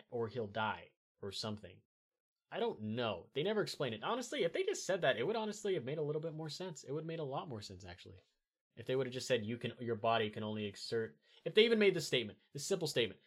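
Male host, mid-pitch, casual rambling rant, swears freely, restarts often. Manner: rambling, profane, animated with frequent fillers. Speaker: podcast host reviewing a movie.

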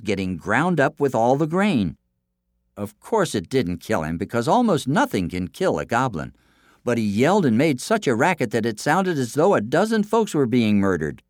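Male storyteller, low voice, very lively delivery, dry studio sound. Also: no echo. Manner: expressive, hushed asides. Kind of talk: folk tale narration.

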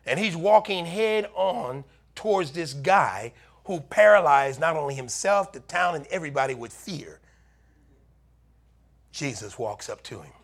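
A man preaching a sermon, retelling a Bible story with lively asides and acted-out warnings. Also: on the high side, unhurried, gravelly, breathy edge. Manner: animated preaching, acting out townspeople's warnings.

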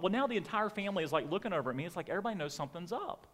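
A middle-aged pastor preaches from the pulpit, telling a personal story with animated energy. His voice sits a little high for a man. The sound carries a long reverb from the church hall. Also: very fast, hardly any pauses. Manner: animated storytelling, acts out family members in raised voice. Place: church sanctuary.

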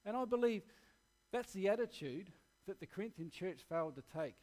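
A man's voice: sits high, animated, moderate pace, a little mellow. An Australian man preaching a sermon, telling a candid personal story in an earnest, plain-spoken way.

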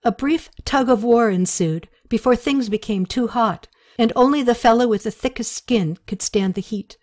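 A woman narrating an audiobook chapter with steady, expressive storytelling. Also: a little high, moderate pace.

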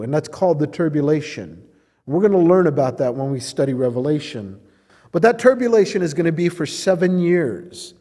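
A man's voice: a little high, dark tone, big-room sound. A male pastor preaching a sermon, teaching and putting questions to his listeners.

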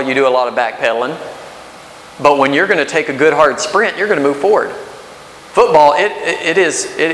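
A man's voice: on the high side, a bit bright. A man in his thirties preaching a sermon as pastor, conversational, with rhetorical questions and restarts. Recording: echoey hall with faint hiss.

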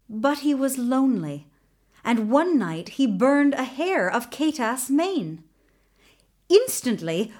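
Slow, lively woman storyteller. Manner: slow, expressive reading with lively pitch. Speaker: audiobook narrator. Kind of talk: storybook narration.

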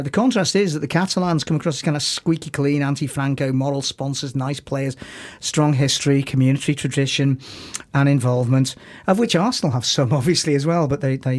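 A man's voice: medium pitch, fairly quick, darkish tone. A man who is a regular contributor to a radio show, giving a sardonic comic segment and reciting a poem in a wry, rambling way.

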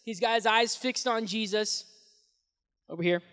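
A young man preaching as a youth pastor, telling the story in an animated, casual way with slang, swinging between loud and hushed, in a large hall. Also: high voice, normal speed. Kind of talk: sermon. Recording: long echoey hall reverb.

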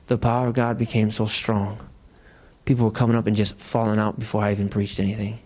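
A male pastor preaching a sermon in a lively, conversational storytelling manner in church. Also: on the low side, quick pace.

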